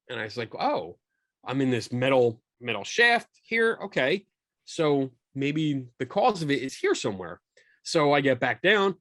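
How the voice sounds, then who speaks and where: A man being interviewed about investigating paranormal claims, telling a long story with animated restarts and asides over a video call. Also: medium pitch, no echo, studio quality. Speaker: guest, skeptical paranormal investigator.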